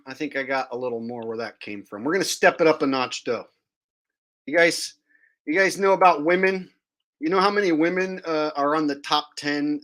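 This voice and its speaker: Bright-voiced man chatting to his viewers. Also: on the high side. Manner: relaxed, explaining with filler words. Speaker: streamer and comedian. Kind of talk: casual chat to a stream audience.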